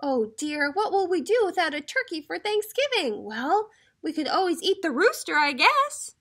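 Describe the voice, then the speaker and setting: A fussy storybook farmer's wife who frets and exclaims over every little thing, as a woman puts her on. Her voice is high and animated, swinging up and down with each worry. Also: moderate pace, full character voice. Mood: fretful. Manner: fretting, exclamatory.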